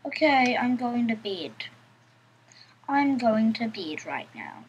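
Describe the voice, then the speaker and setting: A woman's voice: fairly high pitch, very animated, takes it slowly, highs cut off, slight background noise. A woman giving casual let's-play commentary, chatting to herself in a playful, giggly way. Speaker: gameplay commentator.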